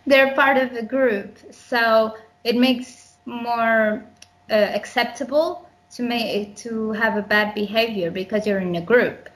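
A woman's voice: on the high side, fairly even intonation, takes it slowly, low-quality recording. Young woman podcast cohost, kinda hesitant, restarts a lot, laughs between bits. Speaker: podcast co-host. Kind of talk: casual chat.

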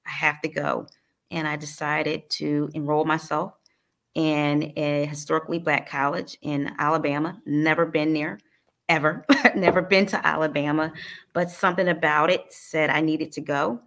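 A woman from New Jersey speaks as an interview guest in a low, fairly level voice. She recounts her personal story in an earnest, halting and emotional manner, with frequent restarts. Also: level tone, a bit bright. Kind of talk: personal life story in conversation.

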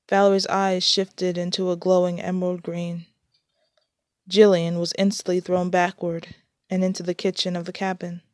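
A woman reads her story aloud in a plain, unhurried way, now and then stumbling and restarting a phrase. Her voice is fairly low. The recording is close and dry, with no room around it. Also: a little mellow, no echo.

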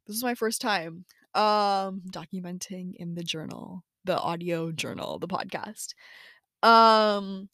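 A woman's voice: fairly low pitch, slow pace, a bit bright, dry recording, clean studio sound. A young woman talking casually in a personal audio journal, rambling with many fillers and talking to herself. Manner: rambling, lots of "like" and "um", self-talk. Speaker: podcast host.

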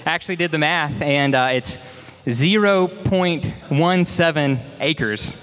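A man's voice: a little high, unhurried, hardly any pauses, a bit bright, in a large hall, slight background noise. A young man from Mississippi, preaching a sermon in a conversational, folksy way with asides to the congregation. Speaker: pastor.

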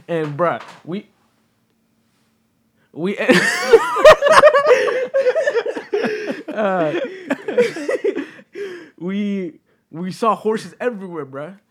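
Young man, high lively voice, slangy storyteller who swears a lot. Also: extremely slow, pauses often, a little hiss or hum. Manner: animated, swearing, slangy, cracking up laughing. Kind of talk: casual storytelling chat.

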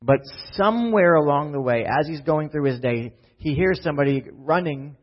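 A man's voice: a little high, lively intonation, moderate pace. A man preaching a sermon in a casual storytelling manner, often checking in with "right?". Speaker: pastor. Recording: dull lo-fi sound.

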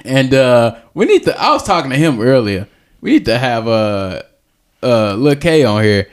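Young male podcast host, animated storyteller with a lively, swinging pitch. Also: moderate pace. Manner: animated, jokey, rambling storyteller. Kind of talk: casual storytelling chat.

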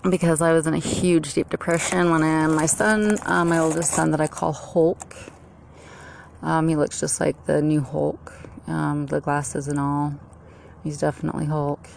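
A middle-aged American woman talks in a low, gravelly voice, wandering from thought to thought with plenty of ums and restarts. A faint hum of vehicle and outdoor noise sits behind her. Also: little pitch movement, normal speed, darkish tone. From United States. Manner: rambling, meandering, with many fillers and restarts. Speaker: vlogger. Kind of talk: rambling personal monologue.

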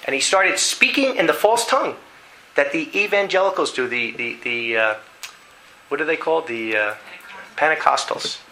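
A man preaching a sermon, telling a dramatic story in an animated way and reading scripture aloud. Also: on the high side, moderate pace, a little hiss or hum, poor audio. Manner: animated storytelling, acting out voices.

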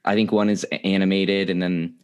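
A man's voice: deep voice, flat delivery, a little fast, smooth, muffled recording. A young man co-hosting a podcast, chatting casually and laughing often. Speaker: podcast co-host. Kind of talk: casual chat.

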